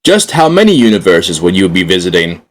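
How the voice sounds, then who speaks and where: A man's voice: sits low, big pitch swings, a little fast. A man hosting a scripted fan talk show with an upbeat announcer manner.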